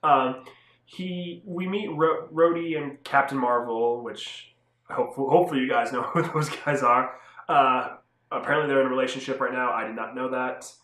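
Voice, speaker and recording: A man's voice: mid-range voice, steady tone, normal speed, a bit bright. A young man casually reviewing comic books on his channel, talking loosely with lots of fillers and restarts. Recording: echoey room.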